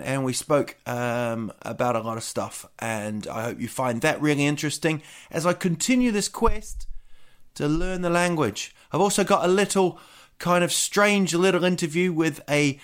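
A New Zealand man hosts his podcast in a loose, rambling, jokey chat. His voice sits a little on the high side. He talks with the easy chatter of a regular host. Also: normal speed, clean tone. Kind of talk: casual chat.

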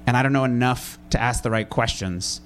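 Brief: soft-spoken, hurt middle-aged mother, low and subdued, halting delivery, as a comedian puts her on. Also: a little hiss or hum, close to an everyday voice. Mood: quiet, hurt.

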